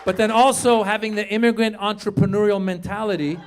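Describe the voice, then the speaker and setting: A man performing a stand-up comedy routine, telling an animated story, acting out voices and talking with the crowd. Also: high voice, fairly quick, slight background noise.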